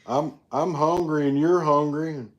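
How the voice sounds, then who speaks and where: A man's voice: on the high side, fairly even intonation, moderate pace, muffled recording. A man hosting a family livestream, joking and teasing with exaggerated complaints. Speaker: livestream host. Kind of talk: casual chat.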